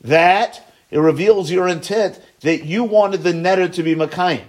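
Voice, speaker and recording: In this Talmud study lecture, a high-voiced man teaches in a lively, sing-song way. He works through the material step by step, chanting Aramaic phrases slowly before explaining them in quick English and asking "right?" and "okay?" along the way.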